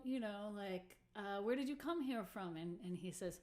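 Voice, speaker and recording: A woman's voice: medium pitch, animated, normal speed, few pauses, a little mellow. A woman musician hosting a casual livestream, chatting with viewers in a self-deprecating way and laughing often. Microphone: computer or phone mic on a livestream.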